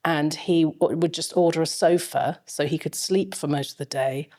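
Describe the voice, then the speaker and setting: A middle-aged woman with a low, mellow voice speaks as an interview guest. She tells long, meandering anecdotes and fills them with frequent ums and restarts. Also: fairly even intonation, normal speed. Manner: rambling anecdotal storytelling with frequent fillers. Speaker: fashion film lecturer, guest. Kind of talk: casual interview chat.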